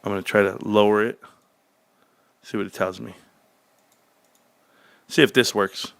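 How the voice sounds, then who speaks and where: A man hosting a livestream, ranting brashly and cursing, swinging from low muttering to shouting excitement. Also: unhurried, gravelly, dry recording. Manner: profane, brash. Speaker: livestream host. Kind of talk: casual livestream rant.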